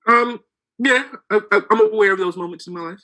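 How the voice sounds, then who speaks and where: A man's voice: high voice, fairly quick, bright, forceful tone, rough recording. A young man co-hosting a casual podcast, laid-back and sarcastic, calling people bro. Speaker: podcast co-host.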